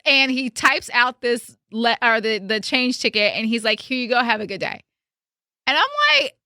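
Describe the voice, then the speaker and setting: A young woman hosting a podcast, telling a story in a casual, animated and emphatic way, with some swearing. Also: fairly high pitch, no room sound, studio quality. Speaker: podcast host.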